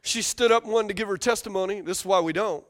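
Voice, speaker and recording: A man with a high voice preaches from a church stage into a microphone. He talks loosely, with slang, and keeps calling on the congregation to answer back. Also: quick pace. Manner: energetic, call-and-response with congregation, casual slang. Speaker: pastor. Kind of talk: sermon. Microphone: handheld or stage microphone.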